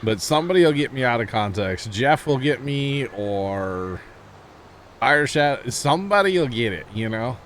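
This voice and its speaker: This livestream gamer, a St. Louis-accented Missourian, rambles and laughs easily as he talks casually with viewers during play. He speaks at normal speed in a medium-pitched, slightly bright voice with lively intonation, and there's a little hiss or hum.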